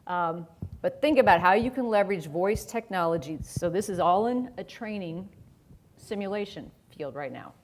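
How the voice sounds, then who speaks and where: A middle-aged woman giving a conversational conference talk on a stage microphone, chatty and quick to laugh. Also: lowish voice, expressive. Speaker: conference speaker. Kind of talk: conference presentation.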